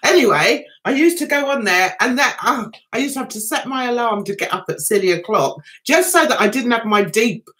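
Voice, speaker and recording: Animated chatty woman. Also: a little high, fairly quick, few pauses. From United Kingdom. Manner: chatty, animated storytelling with mimicked voices. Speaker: livestream host. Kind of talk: casual livestream chat.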